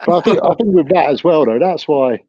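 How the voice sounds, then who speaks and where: Mellow-voiced man, teasing chat. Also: a little high, lively intonation, brisk, breathy edge, no echo, highs cut off. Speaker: podcast guest, former rugby captain. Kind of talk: casual chat.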